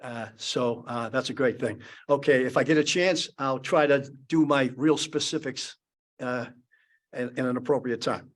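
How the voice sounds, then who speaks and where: A man's voice: medium pitch, normal speed. A man, telling a rambling anecdote as a panelist. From Boston area. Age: 70s. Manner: rambling anecdotal talk with many restarts. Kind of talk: storytelling on a panel. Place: conference panel.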